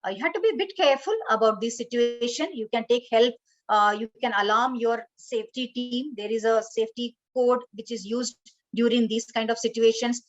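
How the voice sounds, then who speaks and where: A woman's voice: a little high, brisk, lo-fi sound. A woman teaching an online training session, instructive, often saying "okay" and "you know". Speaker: corporate trainer.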